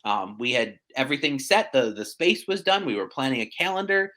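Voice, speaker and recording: A man, a real estate agent chatting as a podcast guest, animated and self-deprecating with quick asides. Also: medium pitch. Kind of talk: casual podcast conversation.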